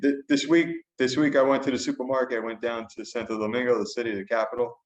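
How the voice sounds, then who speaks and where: A man's voice: mid-range voice, level tone, fast talker. A man co-hosting a podcast remotely, talking indignantly and often repeating himself. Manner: indignant, repetitive restarts. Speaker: podcast co-host. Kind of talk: casual chat. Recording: roomy, dull remote line.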